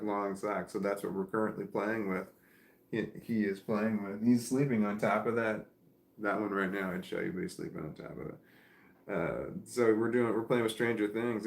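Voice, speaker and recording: Man, livestream host, casual chat, rambling, slightly low voice, echoey room. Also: creaky. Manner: rambling, with frequent restarts and filler. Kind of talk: casual chat reading live comments.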